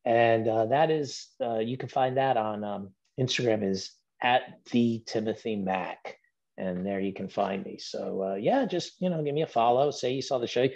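A man's voice: medium pitch, normal speed, creaky, lo-fi sound. A middle-aged man, a guest actor, chatting casually and rambling with fillers on a video call. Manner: relaxed, rambling with fillers and restarts. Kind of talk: casual podcast chat.

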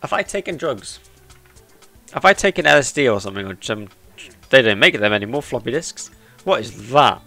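A man's voice: mid-range voice, expressive, moderate pace, creaky, long pauses, bright, forceful tone, soft background music. A man giving chatty, jokey let's-play commentary and talking to the characters on screen. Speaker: gaming YouTuber.

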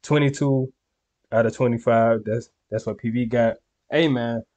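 A man's voice: medium pitch, steady tone, moderate pace, a little mellow. A young man hosting a reaction video, talking casually and loosely to his viewers in slang, often checking in with "you feel me.". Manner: laid-back slangy talk to viewers, frequent "you feel me".

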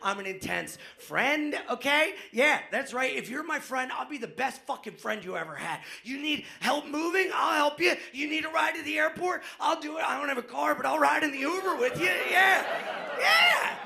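A man doing a loud, manic, self-mocking stand-up set on a club stage in front of a live audience, often laughing at his own jokes. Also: very high voice, lively intonation, moderate pace, creaky, few pauses. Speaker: stand-up comedian.

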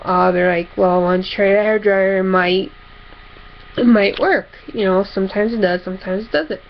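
A woman talks casually to her camera, rambling and correcting herself as she goes. Her voice carries a gravelly fry at mid pitch. The home recording sounds dull and lo-fi. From upper Midwest of the United States. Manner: rambling, self-correcting storytelling. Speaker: vlogger. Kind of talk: casual chat.

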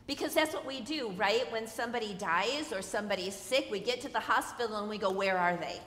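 A woman with a fairly high voice preaches a sermon as a guest speaker. She swings from soft, hushed lines to loud, emphatic ones and keeps asking the congregation questions. Her voice rings through a roomy church with a long reverb tail. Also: expressive, fairly quick. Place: church sanctuary.

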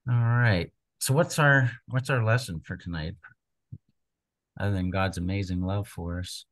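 Earnest low-voiced man leading Bible study. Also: measured pace, low-quality recording. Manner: earnest, conversational, retells scripture.

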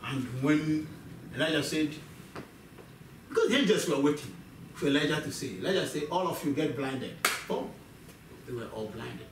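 This man preaches in a church hall with a voice on the high side, at a moderate pace with frequent pauses. Animated, he acts out voices and asks the congregation questions; the far-off mic captures an echoey room and background noise.

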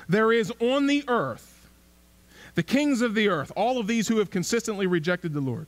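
High-voiced male pastor preaching. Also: lively intonation, normal speed. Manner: conversational preaching with rhetorical questions and repeated phrases. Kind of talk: sermon. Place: church sanctuary.

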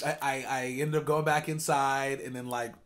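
A man's voice: mid-range voice, level tone, moderate pace, fairly bright tone. A young adult man, a co-host, telling a casual story at home while eating on camera, rambling with lots of ums and restarts. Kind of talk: casual storytelling during a mukbang.

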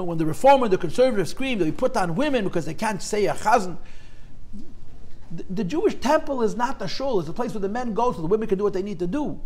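A male teacher gives a class in a high, gravelly voice. He lectures with animated emphasis and drives his points home by repeating them. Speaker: Torah teacher.

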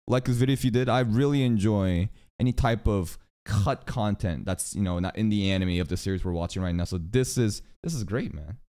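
A man's voice: lowish voice, brisk, few pauses, clean tone. A man streaming a reaction to an anime video, talking casually with lots of swearing and laughter. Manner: animated, swearing, laughs often.

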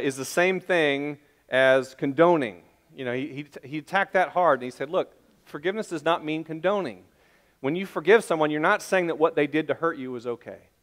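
A middle-aged man preaching a sermon, telling a rambling, self-deprecating family story with many restarts. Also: fairly high pitch. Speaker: pastor.

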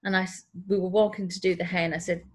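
On a casual group video call, a woman shares a rambling personal story, acting out the voices of people she quotes. Her voice is lowish with flat delivery, and she talks fast.

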